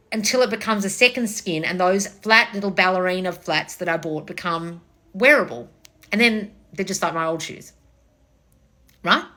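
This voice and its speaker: A woman's voice: mid-range voice, bright, forceful tone. A woman giving a blunt, casual motivational talk, swearing freely as she coaches viewers. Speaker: manifestation coach.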